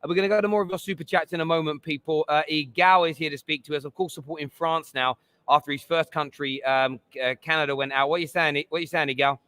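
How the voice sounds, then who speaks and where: A man's voice: a little high, fairly even intonation, fast talker, few pauses, bright, forceful tone. A man hosting a live football stream, talking over his caller and arguing his point. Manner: interrupting, insistent, exasperated. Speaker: livestream host. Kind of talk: heated live stream chat.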